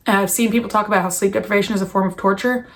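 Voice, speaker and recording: A woman's voice: mid-range voice, steady tone, very fast. A young adult woman talking candidly to camera about new motherhood, earnest and open, with frequent fillers and restarts. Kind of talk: personal confessional vlog.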